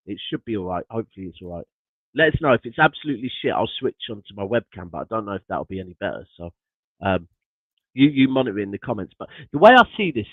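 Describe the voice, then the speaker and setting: A man's voice: medium pitch, dry recording, narrow, tinny audio. Guy ranting about football, swears loads, sounds like a cheap phone mic, dead dry. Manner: exasperated and passionate, swears a lot. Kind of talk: casual football chat on a livestream.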